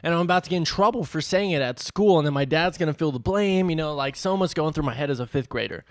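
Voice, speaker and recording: A Californian man co-hosting a comedy podcast, telling a childhood story in an animated, laughing way. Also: fairly high pitch, fast, no echo, studio quality. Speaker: podcast co-host. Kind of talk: casual storytelling.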